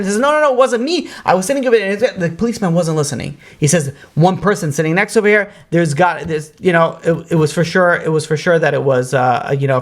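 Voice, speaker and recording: A man, a rabbi, telling a parable in a Torah lecture, acting out the characters and using many fillers. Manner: animated storyteller, acts out quoted characters with rising pitch; frequent fillers like "you know, like".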